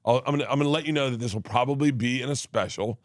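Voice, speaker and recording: A man tells outrageous personal stories with comic timing. He jumps into loud, laughing impressions of the people in each story. The recording is dry and close. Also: mid-range voice, rapid-fire, no echo. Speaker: guest storyteller.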